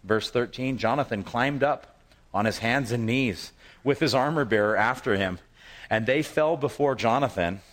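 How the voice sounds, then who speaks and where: In a mid-range voice at a moderate pace, a man preaches a sermon, telling the story in a lively, conversational way. He shifts into the voices of the passage's figures, then returns to plain talk, regularly restarting phrases and repeating himself. He is a pastor.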